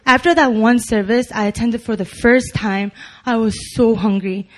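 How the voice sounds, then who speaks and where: Young woman reading her church testimony, kinda high voice, earnest, little nervous laughs. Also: steady tone, moderate pace. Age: young adult. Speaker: church member giving testimony. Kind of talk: read personal testimony.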